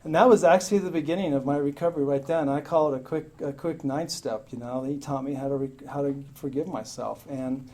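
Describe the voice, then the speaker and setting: A man's voice: a little high, fairly quick, hardly any pauses, a little mellow. A middle-aged man from Utah sharing his recovery story at a meeting, frank and profane, often laughing at himself. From Salt Lake City, Utah, US. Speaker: AA meeting speaker. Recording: hissy amateur meeting tape.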